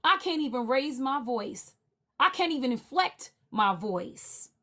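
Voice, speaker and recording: On a livestream, a female panelist with a high-pitched, sing-song voice goes on a heated rant, indignantly and forcefully hammering the same demands again and again. She delivers it at an unhurried pace.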